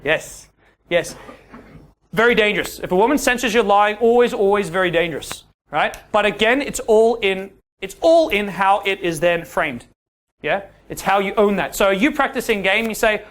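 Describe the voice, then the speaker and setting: A man with a high-pitched voice and moderate delivery leads a dating seminar for a room of men. He's lively, performs quoted exchanges, and keeps asking "yeah?" to make sure they're with him.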